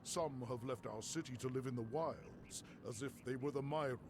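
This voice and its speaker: An actor playing a male academy master in a video game, speaking in a measured, formal way. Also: medium pitch, background noise, natural voice. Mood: lofty.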